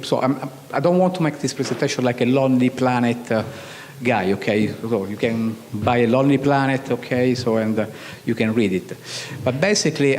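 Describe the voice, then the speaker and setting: A middle-aged Italian man with an Italian accent, giving an informal artist talk to an audience. He speaks haltingly, restarts often and keeps asking "okay?". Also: mid-range voice, darkish tone. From Italy. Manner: halting, full of restarts and repeated "okay?" checks. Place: lecture hall. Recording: distant hall reverb with faint background noise.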